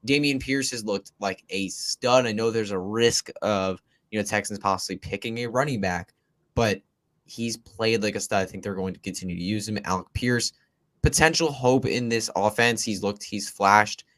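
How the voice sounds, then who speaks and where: A man co-hosting a live fantasy football chat, talking in an animated, emphatic way and often repeating himself. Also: fairly low pitch, normal speed. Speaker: podcast co-host.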